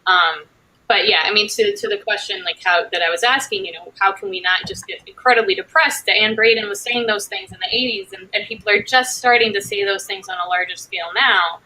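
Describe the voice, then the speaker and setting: A woman's voice: mid-range voice, brisk, bright, forceful tone, rough recording. A woman moderating a casual panel conversation, thinking aloud with loose phrasing and frequent fillers.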